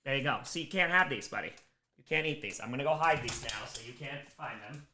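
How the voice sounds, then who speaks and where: A man's voice: mid-range voice, expressive, quick pace, sharp tone, slight background noise. A man hosting a charity livestream from home, chatting casually, fondly scolding his dog and thanking donors. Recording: roomy echo.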